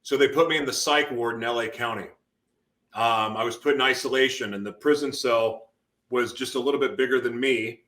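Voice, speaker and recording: A man's voice: mid-range voice, fairly even intonation, a little fast, fairly bright tone. A man in an interview telling an intense personal testimony, his voice rising into sudden emotional outbursts. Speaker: guest.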